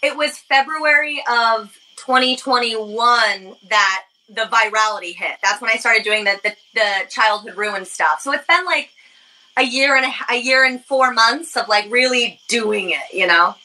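A woman's voice: a little high, measured pace, bright, forceful tone, rough recording. A young woman from the United States hosting a podcast, chatting casually with many fillers. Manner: casual, filler-heavy, lots of "like". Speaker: podcast host. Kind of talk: casual chat.

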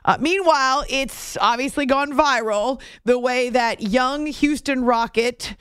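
A woman's voice: high voice, a little slow, a bit bright, clean tone, dry recording, studio quality. A woman hosting a sports talk segment, chatty and wry, commenting on basketball news. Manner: chatty, wry, laughs between points.

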